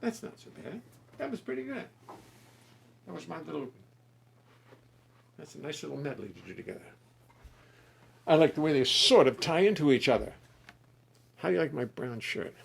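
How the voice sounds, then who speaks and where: A man's voice: a little high, sing-song, moderate pace, vocal fry, pauses often. A male musician hosting a live stream from his studio, chatting playfully and reading out viewers' comments. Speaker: musician and host. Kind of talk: casual chat on a live stream.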